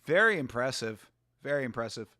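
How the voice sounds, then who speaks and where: A man chatting casually as he reacts live to a grappling event, excitable and laughing often as he talks to his viewers. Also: medium pitch, brisk, no echo, studio quality.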